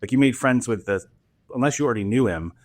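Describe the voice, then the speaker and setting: A man's voice: mid-range voice, animated, fast. A man hosting a podcast, asking questions in a casual, curious way with many fillers. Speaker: podcast host. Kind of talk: casual interview chat.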